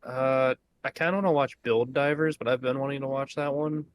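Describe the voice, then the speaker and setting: A man's voice: mid-range voice, steady tone, brisk, a little hiss or hum. A man co-hosting a podcast, joking and laughing often in casual chat. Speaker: podcast co-host.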